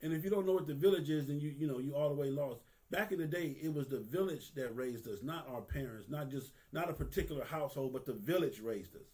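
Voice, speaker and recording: A man's voice: fairly high pitch, fast talker, hardly any pauses, warm tone. A man, giving a candid, earnest monologue that is profane and casual, with phrases repeated for emphasis. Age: 50s. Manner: profane, street-casual talk. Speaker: vlogger.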